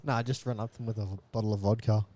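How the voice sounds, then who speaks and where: A young man interviewing a friend in casual chat, talking haltingly with restarts. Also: fairly low pitch, fairly even intonation, dark tone. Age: young adult. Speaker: podcast interviewer.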